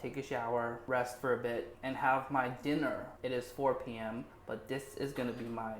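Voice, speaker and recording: A man's voice: mid-range voice, flat delivery, moderate pace. A man in his twenties, wry and joking, talking to his handheld camera as he walks city streets and eats in a restaurant. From China. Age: 20s. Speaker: vlogger. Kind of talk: casual walking vlog. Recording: noisy street recording.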